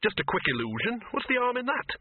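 A man's voice: very high-pitched, big pitch swings, brisk, no echo, phone-quality sound, voice pushed up, heavily acted. A man doing a moaning, peevish wizard. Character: fussy, complaining middle-aged male wizard.

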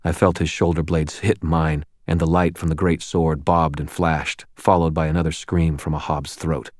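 A man reading a first-person audiobook in a steady, measured narration style. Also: very deep voice, no room sound, clean studio sound.

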